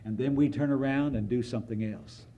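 A man's voice: mid-range voice, fairly even intonation, fairly quick, warm tone. Earnest preacher man, roomy echo. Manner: earnest, emphatic, reads scripture aloud then explains it. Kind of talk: sermon.

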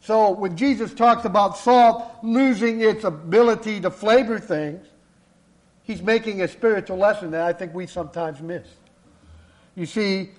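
A man with a notably high voice delivers a sermon. He speaks earnestly and at a measured pace, driving points home through repetition. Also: a little mellow. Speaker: preacher.

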